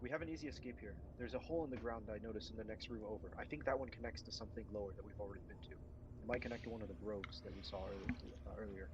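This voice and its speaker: A man's voice: fairly low pitch, fairly even intonation, racing, dull audio, background noise. A man playing a tabletop game, pushing his plan insistently. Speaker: player. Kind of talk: casual tabletop game chat.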